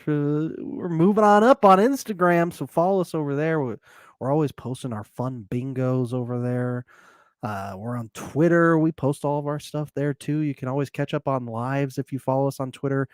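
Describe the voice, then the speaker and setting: A man's voice: mid-range voice, normal speed, a little mellow, no room sound, studio quality. A man co-hosting a live TV recap podcast, chatting casually, laughing often and plugging the show. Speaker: podcast co-host.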